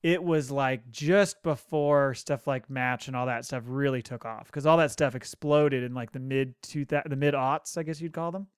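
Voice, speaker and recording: A man's voice: medium pitch, moderate pace, hardly any pauses, clear, resonant tone, no room sound, studio quality. A man in his thirties co-hosting a podcast, chatting casually and joking, laughing often. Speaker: podcast co-host. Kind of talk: casual chat.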